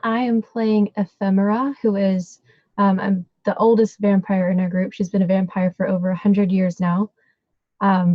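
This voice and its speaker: A woman player introducing her character, loud and rambling, on dull, distant call audio. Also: medium pitch, no echo.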